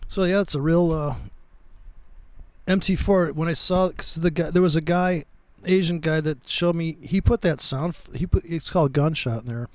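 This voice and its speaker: Man, group chat host, jokey and rambling, slightly high voice, dry close sound. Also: normal speed, dry recording. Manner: joking, rambling, many restarts. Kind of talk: casual group chat about trading.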